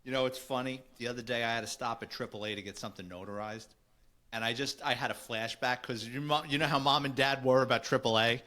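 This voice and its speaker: A man's voice: mid-range voice, steady tone, fast, sharp tone. Man in his fifties reminiscing casually. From the Bronx, New York. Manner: reminiscing, storytelling. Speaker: podcast host. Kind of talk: casual chat.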